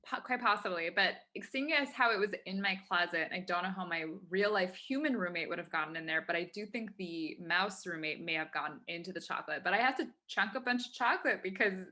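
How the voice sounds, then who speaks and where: A woman chatting casually as a guest, telling animated stories and acting out the voices in them. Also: lowish voice, a little fast, few pauses. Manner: animated storyteller, acts out voices in her anecdotes. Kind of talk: casual chat.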